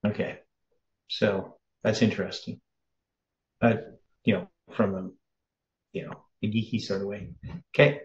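A man chatting casually in a Bible study, slowly spelling out how a word is pronounced. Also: lowish voice, level tone, lo-fi sound. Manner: chatty, slows to spell out pronunciations. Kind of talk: casual chat.

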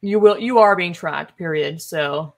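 A woman's voice: lowish voice, a little slow, creaky. A woman hosting a podcast, delivering a casual commentary monologue in a sarcastic, exasperated and emphatic way, with scoffing asides. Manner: opinionated and emphatic. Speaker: podcast host.

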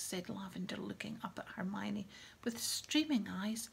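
Audiobook reader: woman, husky and gravelly, reads softly near a whisper. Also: mid-range voice, moderate pace. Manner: soft, half-whispered reading. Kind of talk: reading a novel aloud.

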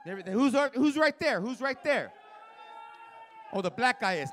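A man's voice: extremely high pitch, big pitch swings, unhurried, a bit bright. A man doing live stand-up in a comedy club, working the crowd with a brash, profane, teasing manner into a handheld stage mic.

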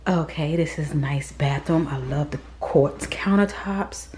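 A woman talks casually to her camera while touring a model townhouse. Her voice is low and mellow, often dropping to a hushed whisper. Faint background noise sits under the indoor recording. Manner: chatty and candid, often drops to a whisper. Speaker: vlogger.

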